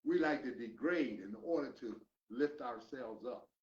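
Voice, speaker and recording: An older man teaching a recovery class, lecturing in a preachy way and swinging between loud emphatic questions and low mutters. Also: expressive, a little slow. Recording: roomy, distant, dull lo-fi room recording.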